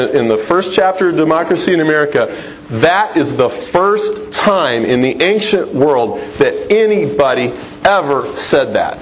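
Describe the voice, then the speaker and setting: Middle-aged guy giving a lecture-style talk, kinda high voice, keeps restarting, muffled lo-fi audio. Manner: conversational, emphatic, with restarts. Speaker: Christian speaker. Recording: dull lo-fi sound with faint noise.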